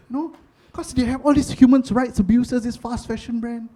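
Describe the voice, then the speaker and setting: A young Singaporean man with a very high voice does stand-up comedy at a brisk pace. He tells stories animatedly, speaking with a Singaporean accent and Singlish phrasing.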